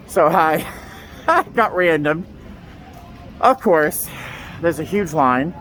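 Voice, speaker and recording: A man chatting excitedly to his phone camera in a casual travel vlog, self-deprecating and talkative. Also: fairly high pitch, a little slow, long pauses, a little hiss or hum. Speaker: flight attendant vlogger.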